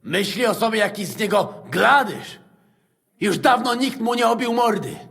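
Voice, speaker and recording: A man voicing a hot-tempered, foul-mouthed rebel soldier with a gravelly voice in a game cutscene. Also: high-pitched, animated, normal speed, a bit bright, full character voice. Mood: scornful.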